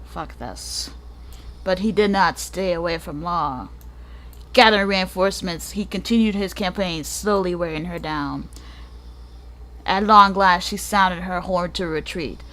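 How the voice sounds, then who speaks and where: A woman's voice: fairly low pitch, unhurried, bright, forceful tone. A woman hosting a gaming channel, reading a book aloud and breaking off for joking asides, sometimes stumbling over hard names.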